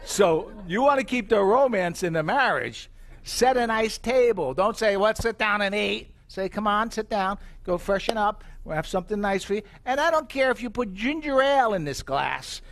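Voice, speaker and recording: A man's voice: high voice, normal speed. A middle-aged man giving a live sales presentation as company president, telling stories and asking the audience questions. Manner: animated storyteller, asks the audience questions.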